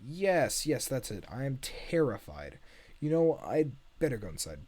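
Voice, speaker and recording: A man's voice: mid-range voice, big pitch swings, a little slow, a little mellow, pitched above the performer's own voice. A man reading a script aloud and voicing a young cursed princess in a raised, earnest voice. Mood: flustered. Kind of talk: amateur script read-aloud.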